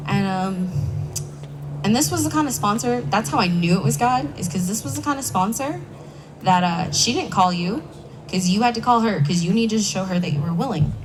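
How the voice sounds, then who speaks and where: A woman's voice: mid-range voice, expressive, moderate pace. A young woman speaking candidly at a recovery meeting, telling her personal story in a conversational way with self-mocking asides. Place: conference hall stage. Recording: distant mic with faint background noise.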